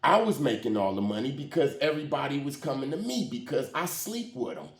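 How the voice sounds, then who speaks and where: Man, casual storyteller, slangy street talk, animated pitch, echoey room. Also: a little fast. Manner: slangy street talk with frequent "you hear what I'm saying". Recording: roomy echo.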